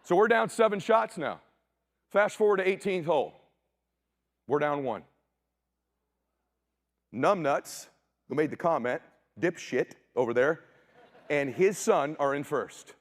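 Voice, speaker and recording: A middle-aged man giving a motivational keynote as a story, acting out dialogue in punchy short sentences with casual swearing and sudden shouts. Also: a little high, unhurried, pauses often. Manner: animated, acts out dialogue, bursts into shouts. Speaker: motivational speaker. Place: conference stage before an audience.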